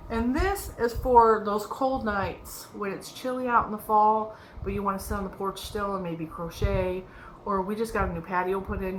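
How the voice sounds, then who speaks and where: A woman's voice: mid-range voice, a bit bright. A woman vlogger in a casual show-and-tell chat about her crochet projects, rambling and laughing often. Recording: echoey room with faint background noise.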